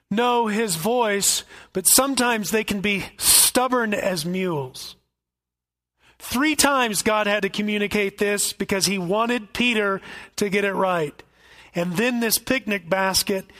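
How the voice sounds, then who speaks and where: A man's voice: high-pitched, slow pace, bright, forceful tone. A male pastor giving an expository sermon with folksy asides and jokes.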